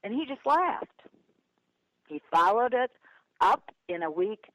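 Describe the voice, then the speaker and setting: Older Midwestern woman guest, very lively pitch, heard over a muffled line. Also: normal speed, no room sound. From Milwaukee, USA. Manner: lively, dramatic shifts of pitch and voice when retelling. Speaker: guest speaker and author. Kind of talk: animated storytelling interview.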